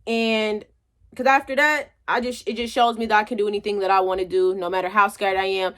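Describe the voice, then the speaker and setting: A woman's voice: mid-range voice, level tone, a little fast, a bit bright. A young woman vlogger telling a motivational story in a chatty, colloquial way.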